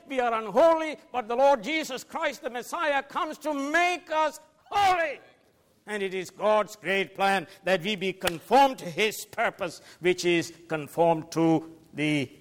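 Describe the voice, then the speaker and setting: A man preaching a sermon as pastor, emphatic, swinging between loud declarations and quiet asides. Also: high voice, a little slow. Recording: long reverb of a large hall.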